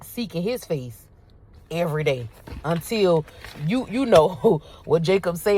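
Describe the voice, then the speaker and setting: A woman, talking casually about faith to her viewers, animated and repetitive, calling them y'all. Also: medium pitch, unhurried. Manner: animated, repeats herself, addresses viewers as y'all. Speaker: faith video host. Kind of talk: casual spiritual talk to viewers.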